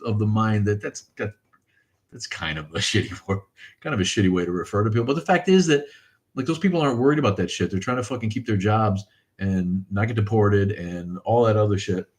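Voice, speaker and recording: A man's voice: fairly low pitch, fairly quick. A middle-aged man hosting a casual livestream, thanking viewers and ranting in a profane, rambling way. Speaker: livestream host. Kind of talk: casual livestream chat reading viewer comments.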